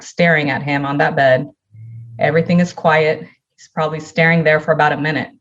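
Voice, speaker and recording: A woman's voice: sits low, lo-fi sound. A woman, a podcast guest, earnestly telling a personal story and acting out the dialogue in it.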